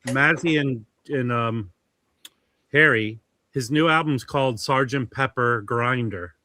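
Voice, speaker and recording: A man hosting a livestream, chatting in a rambling, halting way. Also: medium pitch, sharp tone, a little hiss or hum. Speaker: livestream host. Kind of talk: casual livestream chat.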